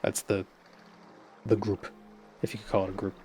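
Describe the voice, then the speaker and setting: A man's voice: on the low side, level tone, normal speed, darkish tone, soft background music. A man streaming a game, musing aloud in a rambling way full of fillers and restarts. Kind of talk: casual gameplay commentary.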